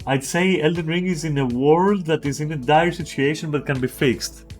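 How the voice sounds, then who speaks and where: Animated, swearing male game streamer. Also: a little high, moderate pace, soft background music. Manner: animated, swears a lot, restarts. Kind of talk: casual ranting chat on a stream.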